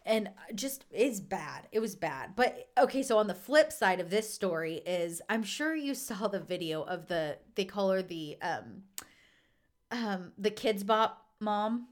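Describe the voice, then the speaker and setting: A woman co-hosting a podcast in casual chat, an animated storyteller who acts out quotes in a high voice. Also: unhurried. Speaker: podcast co-host.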